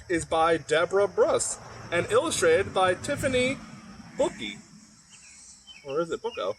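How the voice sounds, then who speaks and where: A man reading a picture book aloud for children, with a highish voice that rises and falls a great deal. He takes it slowly and breaks off for playful asides to the kids. Crickets and other insects chirp faintly behind him. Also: sing-song, slight background noise. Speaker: library storyteller. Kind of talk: children's story read-aloud.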